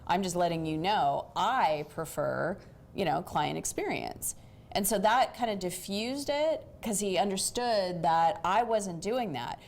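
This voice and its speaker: A woman's voice: lowish voice, lively intonation, a little slow. A woman host giving relationship coaching, explaining things and often checking in with "right?".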